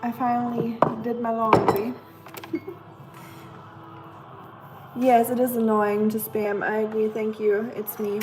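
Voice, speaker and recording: A woman with a German accent hosting a casual livestream at home, chatting with viewers, answering the chat and filling pauses with "um.". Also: on the high side, monotone, noisy background. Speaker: livestream host.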